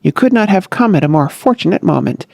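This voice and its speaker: A narrator voicing a glib, cheerful young man who talks in smooth, airy flourishes in a comic audiobook. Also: high voice, expressive, quick pace, a little mellow, no room sound, studio quality. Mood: breezy, smooth. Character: breezy, glib young man eager to please.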